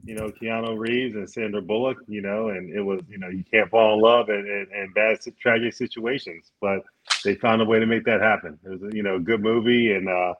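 Hesitant low-voiced man, dull audio. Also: fairly even intonation, brisk. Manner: hesitant, many fillers. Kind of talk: casual podcast chat.

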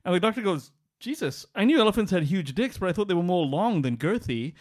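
A man co-hosting a podcast, telling crude jokes in casual banter and laughing loudly and often. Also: sits high, very animated, fairly quick, dry recording, studio quality. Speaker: podcast co-host.

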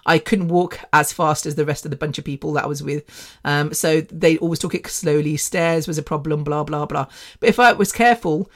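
Speaking fairly quickly in a low-pitched voice, a podcast host in her fifties rambles through a casual story, chatty and full of laughter, with a curse slipping out now and then.

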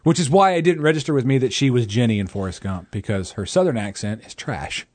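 A man's voice: medium pitch, expressive, quick pace, darkish tone, no room sound. A man co-hosting a podcast, chatting casually about a movie in a blunt, wry way with casual swearing. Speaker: podcast co-host.

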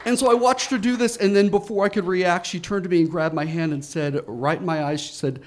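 A man telling a first-person story, animated and full of laughing asides. His voice sits on the high side for a man. He acts out his own panic with lively, quick bursts.

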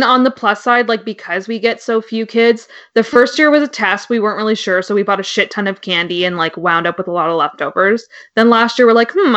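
A woman's voice: mid-range voice, fairly bright tone, highs cut off. A woman co-hosting a podcast in casual chat, telling stories and saying "like" a lot. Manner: chatty storyteller, heavy use of "like". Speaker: podcast co-host.

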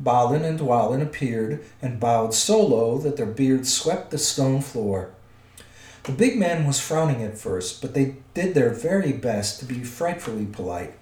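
A man narrating a storybook aloud with an expressive, lively delivery, in a roomy recording. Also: medium pitch, far from the mic. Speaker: audiobook reader. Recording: roomy echo.

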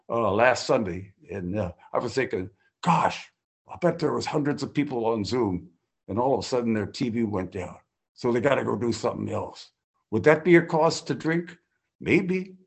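A man's voice: on the high side, slightly rough. An older man sharing his personal recovery story at a group meeting, folksy and full of restarts and acted-out quotes.

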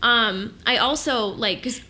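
A woman co-hosting a casual film-review chat, animated and chatty, swearing freely and saying "like" a lot. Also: a little high, takes it slowly, slight background noise. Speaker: podcast co-host.

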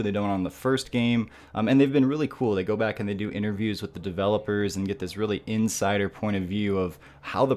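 A man hosts a relaxed gaming podcast in a fairly low voice. He thinks out loud, circling back and restarting his sentences as he goes. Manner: thoughtful, rambling with restarts. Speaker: podcast host. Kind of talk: casual podcast chat.

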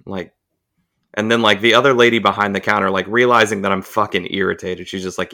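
A man's voice: on the low side, steady tone, a little fast, sharp tone. A man co-hosting a casual podcast, telling an exasperated, rambling, profane story.

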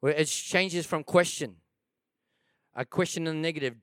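Smooth-voiced preacher man, dry close sound. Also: fairly high pitch, normal speed, fairly bright tone, dry recording. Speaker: pastor. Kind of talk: sermon.

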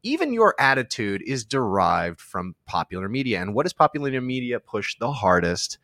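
A man's voice: medium pitch, big pitch swings, normal speed, bright, forceful tone, dry recording. Guy cohost, sarcastic and teasing, voice jumps all over, dry close mic. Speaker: podcast co-host. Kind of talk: casual banter.

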